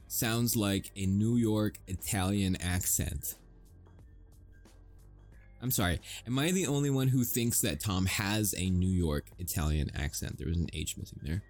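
A man's voice: fairly low pitch, lively intonation, normal speed, darkish tone, soft background music. An American man who makes audio roleplays, chatting casually and rambling to his listeners, swearing and chuckling often.

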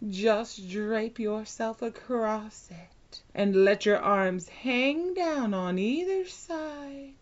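A woman in a whispered role-play, speaking as a dominant hypnotist with a soft, commanding, drawn-out delivery. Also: on the high side, muffled recording.

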